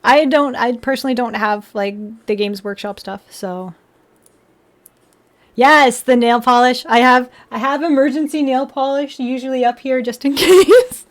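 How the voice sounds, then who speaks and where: A woman's voice: sits high, normal speed. A woman hosting a livestream while building a model kit, chatting casually, answering viewers and laughing often. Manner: chatty, giggly, answers chat.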